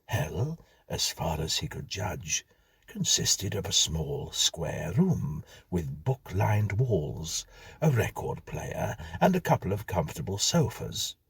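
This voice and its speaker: A man reading a whimsical story aloud in a measured, dry-humored manner. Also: deep voice, very animated, gravelly, husky, no room sound. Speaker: narrator. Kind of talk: scripted storytelling.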